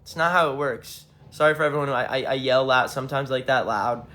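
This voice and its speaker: A young man, a band frontman, chatting casually with fans on a livestream, excitable and swearing, jumping from topic to topic. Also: mid-range voice, quick pace. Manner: excitable, swearing, hype-driven, jumps between topics. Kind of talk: casual livestream chat with viewers.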